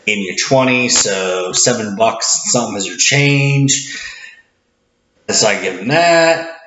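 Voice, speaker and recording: Loud-voiced rambling man in an echoey room. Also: lowish voice, a little slow. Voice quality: loud, projecting voice. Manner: rambling, with many restarts and acted greetings. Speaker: cashier. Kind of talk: casual vlog commentary. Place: indoor room, seated back from the camera. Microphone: camera mic at some distance. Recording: echoey room, dull lo-fi sound, faint noise.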